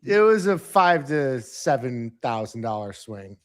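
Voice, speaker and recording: A man's voice: mid-range voice, very animated, a little slow. A man co-hosting a live trading stream, easygoing and reassuring in casual chat.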